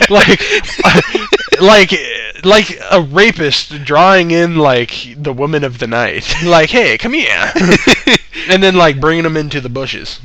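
A man's voice: on the high side, sharp tone. A man casually telling a story, swearing a lot and laughing between lines.

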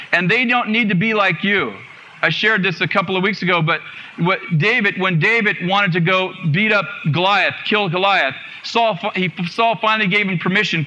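Male preacher, high bright voice, earnest, repeats for emphasis, lo-fi sound. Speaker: guest preacher. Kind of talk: sermon.

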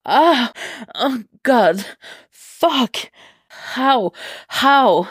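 A woman's voice: fairly low pitch, steady tone, extremely slow, a little mellow, no echo, clean studio sound. A woman reading aloud voices a breathless, overwhelmed young man who speaks in gasping, broken phrases.

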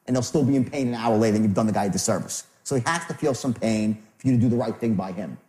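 A man's voice: fairly low pitch, fast, warm tone. A man running a live sales training seminar, acting out customer and salesman lines with shifting tone. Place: seminar room. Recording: echoey room.

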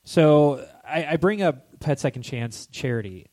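A man's voice: on the high side, expressive, unhurried, darkish tone. A young man co-hosting a podcast in casual chat, rambling with many restarts and frequent laughs. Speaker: podcast co-host.

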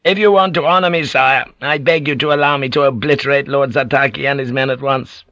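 A gruff, hot-tempered samurai general, put on by a male audiobook reader, barking his words bluntly in a raised, forceful voice. The audiobook recording sounds dull and muffled, and dry. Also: mid-range voice, fairly even intonation, brisk, no room sound, pitched above the performer's own voice, natural voice. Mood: urgent.

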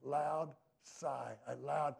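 A male pastor preaching a sermon with emphasis, his delivery swinging from hushed to loud. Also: fairly high pitch, steady tone, very slow, creaky, husky.

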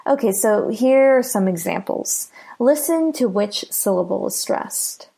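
An American woman teaching English pronunciation, patiently repeating each word slowly and clearly. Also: mid-range voice, lively intonation, mellow. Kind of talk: slow, clear pronunciation lesson.

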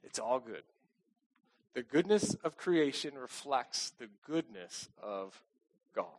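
A man's voice: medium pitch, expressive, slow. A middle-aged man preaching a casual, conversational sermon, chatty and self-deprecating, often asking the congregation "okay?". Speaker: pastor.

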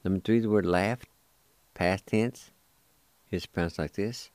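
A man hosting a radio language lesson, spelling words letter by letter and repeating each word slowly. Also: low-pitched, darkish tone, no echo. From United States. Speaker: language teacher and radio host.

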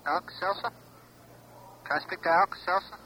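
A man making prank calls to a bar, deadpan, asking for made-up names and spelling them out. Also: high voice, moderate pace. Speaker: prank caller. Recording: hissy taped phone call.

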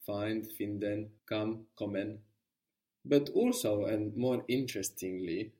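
A man's voice: lowish voice, dark tone. A man teaching a language lesson, explaining patiently and encouraging his student.

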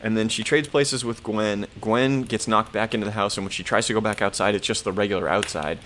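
A man co-hosting a podcast, recapping a horror episode in an animated, profane, casual way. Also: lowish voice, a little hiss or hum. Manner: animated, profane storytelling with quick put-on voices. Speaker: podcast co-host.

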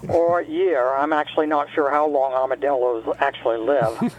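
A man's voice: mid-range voice, steady tone, normal speed, pitched below the performer's own voice, close to an everyday voice, low-quality recording. A man playing a grumpy retired caller from New Jersey, who rants sarcastically and trades insults in a comedic call-in bit. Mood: grumbling.

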